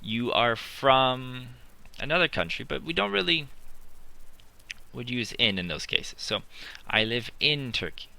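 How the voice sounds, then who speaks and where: A man teaching English in a slow, deliberate classroom style, repeating his examples while writing them on a board. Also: mid-range voice, lively intonation, gravelly, pushed and bright. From not British.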